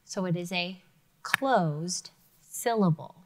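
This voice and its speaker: A woman teacher giving an encouraging, clearly spoken lesson to young students. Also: on the low side, slow pace, noisy background. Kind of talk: televised classroom lesson for children.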